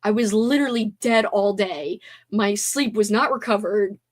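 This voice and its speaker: A young woman with a mid-range voice hosts a casual livestream at a moderate pace. She's tired after a sleepover yet bubbly, giggling as she reacts to what viewers write in chat.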